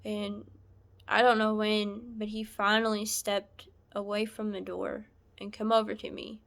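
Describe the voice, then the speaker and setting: A woman recounting a painful personal story in a halting, soft-spoken way, sometimes dropping to a whisper. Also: medium pitch, little pitch movement, gravelly. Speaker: vlogger sharing a personal story. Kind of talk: emotional personal testimony.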